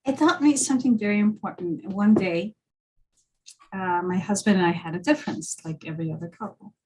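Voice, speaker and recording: A woman's voice: medium pitch, brisk, background noise. A woman, a guest on a video call, talking reflectively through a personal story with frequent restarts. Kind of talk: casual conversation.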